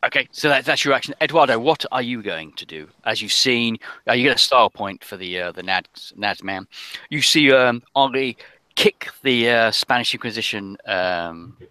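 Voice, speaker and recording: Bright-voiced male game master, hesitant. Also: mid-range voice, expressive, moderate pace, dry recording. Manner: meandering, hesitant with many ums and restarts. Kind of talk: narrating a tabletop game.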